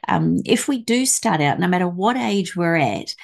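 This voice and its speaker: A woman's voice: lowish voice, lively intonation, moderate pace, creaky. A woman hosting a casual chat, asking long, winding questions. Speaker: host.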